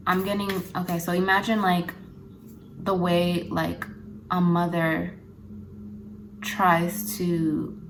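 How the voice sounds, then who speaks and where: A woman doing a spiritual card reading, speaking haltingly and close to tears, often pausing and restarting as emotion overwhelms her. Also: on the low side, a little hiss or hum, poor audio. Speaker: intuitive card reader.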